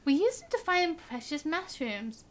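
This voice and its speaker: A young woman streaming a game, reading its dialogue aloud and chatting, bubbly and quick to laugh at her own slips. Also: high-pitched, very animated. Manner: chatty, bubbly, stumbles on words and laughs at herself. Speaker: gaming streamer. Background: game music.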